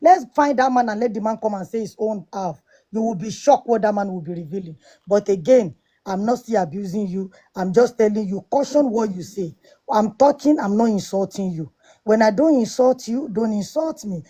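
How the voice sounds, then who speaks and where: A woman's voice: medium pitch, expressive, normal speed, dark tone. A woman on a live audio panel debate, lecturing emphatically and repeating her points. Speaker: panel speaker.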